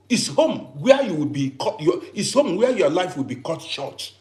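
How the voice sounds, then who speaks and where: Emphatic man in his fifties, lively pitch. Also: normal speed. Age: 50s. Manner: emphatic, lecturing, rhetorical questions. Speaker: vlogger giving advice. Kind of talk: advice monologue.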